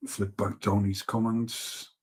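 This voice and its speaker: A man's voice: on the low side, flat delivery, slow pace, slightly rough. Man, Geordie accent, live-stream host, casual, blunt, sweary, rambling. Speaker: livestream host reading comments.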